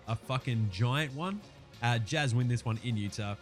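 A man with an Australian accent and a hoarse, sore throat, chatting casually as a podcast host and swearing freely. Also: mid-range voice, soft background music. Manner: brisk, swearing, slangy chat.

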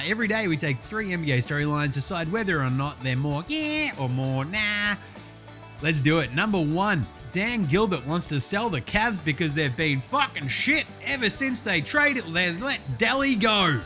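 A man's voice: high-pitched, bright, forceful tone. A man with an Australian accent hosting a basketball podcast, ranting brashly and swearing constantly in a jokey way. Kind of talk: profane comedic sports rant.

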